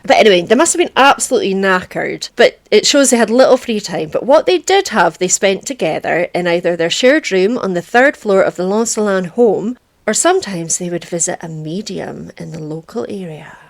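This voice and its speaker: A woman's voice: mid-range voice, animated, brisk, vocal fry, few pauses. A chatty woman from Britain hosts a true crime podcast. She reads the case in an easy, casual way and often drops into jokes and laughter with her co-host.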